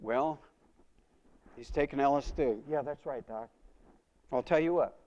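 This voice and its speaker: A preacher voicing a brisk male doctor who speaks in a firm, businesslike way. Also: medium pitch, a little mellow, highs cut off, lightly acted.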